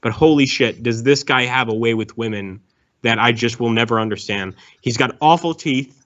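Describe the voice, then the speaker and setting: A man chatting as a stream guest, excitable and rambling, full of crude teasing. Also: mid-range voice, normal speed. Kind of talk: casual chat. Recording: dull lo-fi audio.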